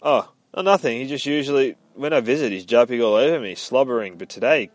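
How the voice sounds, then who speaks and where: A man's voice: mid-range voice, animated, fairly quick, no echo, pitched above the performer's own voice, natural voice. A man voicing a friendly, easygoing teenage boy in a casual, chatty way while reading a comic aloud. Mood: curious.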